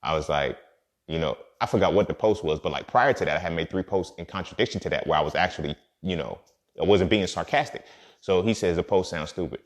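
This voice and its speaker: A man's voice: low-pitched, fast talker. A young man talking casually on his podcast in a streetwise, profane way, often asking "you feel me". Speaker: podcast host. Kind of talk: casual monologue.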